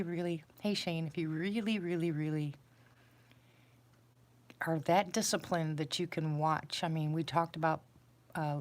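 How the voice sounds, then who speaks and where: A woman hosting a casual livestream, chatting with viewers in a rambling, self-deprecating way while sitting on the floor indoors. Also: low voice. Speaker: livestream host.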